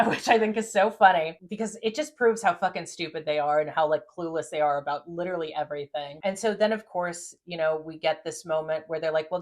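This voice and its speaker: A woman hosting a podcast and chatting casually as she recaps an episode, talking animatedly, swearing freely and acting out lines. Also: lowish voice. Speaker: podcast host.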